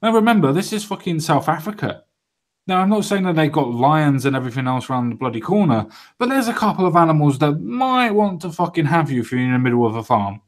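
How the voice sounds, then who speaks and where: A man's voice: fairly high pitch, very animated, fast talker, few pauses. A man hosting a casual podcast chat, sweary and jokey with emphatic stresses. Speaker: podcast host.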